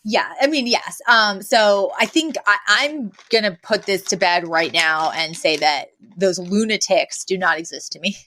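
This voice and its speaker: A woman co-hosting a podcast, talking in an animated, casual way with lots of fillers. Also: medium pitch, unhurried, few pauses. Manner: animated, chatty with many fillers. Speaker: podcast co-host. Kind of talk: casual chat.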